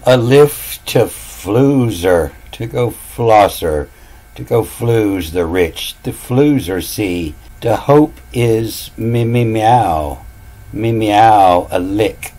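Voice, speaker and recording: Man, unhurried drawl, lowish voice, musing, repeats himself, spells words letter by letter. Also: darkish tone, rough recording. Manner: repeats phrases over and over. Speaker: channel host. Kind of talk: casual explanatory monologue.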